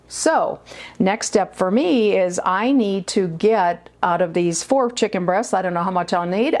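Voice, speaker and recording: A woman's voice: mid-range voice, a little mellow. A woman hosting a home cooking show, chatting casually as she explains each step at the stove in her kitchen.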